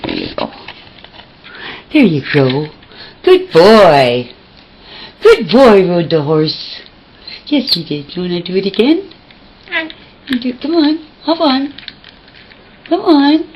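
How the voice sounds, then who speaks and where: A woman's voice: medium pitch, wildly swooping pitch, takes it slowly, long pauses, darkish tone, slight background noise. Woman cooing baby talk at her pet. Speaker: pet owner filming her bird. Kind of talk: home video chat with a pet. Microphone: handheld camcorder.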